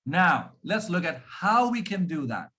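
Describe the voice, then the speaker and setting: Indian man, RP-leaning accent, high voice; speech coach, deliberate and demonstrative. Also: very animated, bright, forceful tone. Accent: Indian English, RP-influenced. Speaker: pronunciation coach. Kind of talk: speech on pronunciation.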